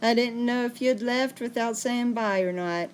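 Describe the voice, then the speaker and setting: A woman's voice: a little high, moderate pace, a little hiss or hum. A woman hosting a casual livestream, chatting and answering viewer comments. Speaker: livestream host.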